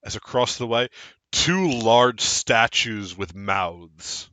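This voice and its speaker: A man runs a tabletop game, laying out the scene in slow, descriptive narration. His voice is bright and the recording is dry and close. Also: lowish voice, dry recording. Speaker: game master.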